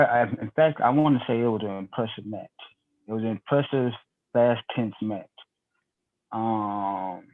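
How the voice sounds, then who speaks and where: A man co-hosting a casual wrestling chat, giving his opinions hesitantly and stammering. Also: medium pitch. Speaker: podcast co-host. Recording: tinny phone-like line.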